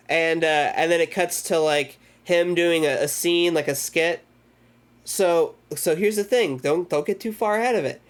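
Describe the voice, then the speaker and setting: Man, slightly high voice, casual streamer, rambly and sweary, recaps a movie live. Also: moderate pace. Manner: rambling, profane, loose retelling with acted-out quotes. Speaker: streamer hosting a movie club.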